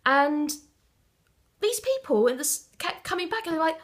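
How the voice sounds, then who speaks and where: A woman from South West England telling stories in a casual interview, animated and theatrical, often laughing as she talks. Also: extremely high pitch, a little slow. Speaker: interview guest.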